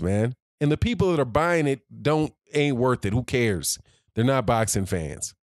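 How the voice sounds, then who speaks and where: A man's voice: mid-range voice, lively intonation, measured pace, no echo, clean studio sound. A man ranting heatedly as a boxing commentator, slangy and repeating his points for emphasis. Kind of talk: ranting opinion vlog.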